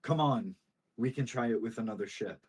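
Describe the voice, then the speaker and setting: A man's voice: mid-range voice, normal speed, a little mellow, slightly rough, distant mic, lightly acted. Carver, a man voicing a sorry townsman. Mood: eager. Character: Carver, apologetic burly male townsman.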